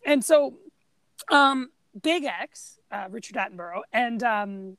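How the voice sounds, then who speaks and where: A woman's voice: on the high side, animated, slow pace, fairly bright tone, no echo. A woman in casual conversation, recounting favorite movie moments from her notes with amusement. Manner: chatty, reads quotes from notes, amused.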